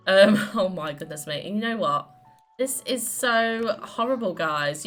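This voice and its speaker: A woman casually commenting on her life-simulation game, chatty and quick to exclaim, often voicing her characters' lines. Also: mid-range voice, very animated, sharp tone, faint music behind. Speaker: let's play host.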